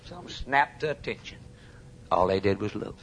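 A man preaching a sermon, swinging between urgent, raised peaks and quiet, low drops, and putting questions straight to his congregation. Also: expressive, moderate pace, slight background noise. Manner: addresses the congregation directly with questions.

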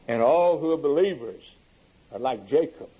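A man's voice: on the high side, animated, moderate pace, dark tone, slightly rough, poor audio. A man preaching a sermon in an earnest way, his voice rising sharply for emphasis.

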